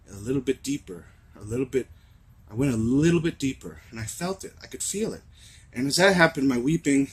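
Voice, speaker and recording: A young man with a raspy voice, talking earnestly and rambling to camera in a confessional vlog. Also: mid-range voice. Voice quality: raspy from screaming. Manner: earnest, rambling, swings from shouting to laughing to soft musing. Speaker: vlogger.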